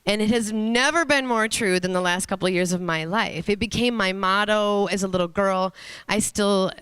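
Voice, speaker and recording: A woman in her thirties speaks on stage with earnest conviction, telling her story and pausing to let points land. Her voice sits in a middle pitch. The sound is dry and close, with little room echo. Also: fairly bright tone, clean tone. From Minnesota, USA. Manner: earnest, storytelling, pauses for emphasis. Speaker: motivational speaker. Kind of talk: inspirational stage talk. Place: stage before an audience.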